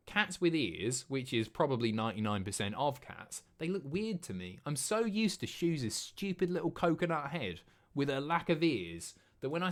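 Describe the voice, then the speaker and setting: A man in his thirties chats casually while hosting a livestream. His voice is lively and bouncy in pitch, and his talk is blunt, sweary and sardonic. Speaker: livestream host. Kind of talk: casual stream chat.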